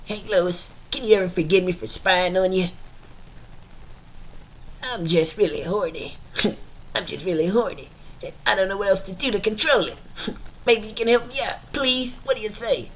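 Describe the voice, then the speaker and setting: A man's voice: high-pitched, normal speed, pauses often, fairly bright tone. A man doing an impression of a lecherous middle-aged cartoon man who talks in a leering, giggly way.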